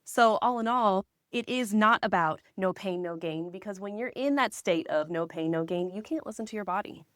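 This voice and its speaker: A woman's voice: mid-range voice, normal speed, few pauses, no room sound, studio quality. A woman co-hosting a health podcast, agreeing and adding advice in an upbeat way. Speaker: podcast co-host. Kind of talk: casual health chat.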